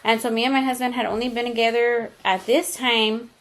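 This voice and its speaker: A young woman co-hosting a casual podcast, her voice sitting a little higher than most. She tells a long personal story openly, swearing freely and slipping into Spanish slang now and then. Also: level tone, fairly quick, a bit bright. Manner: candid and profane, mixes in Spanish slang. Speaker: podcast co-host.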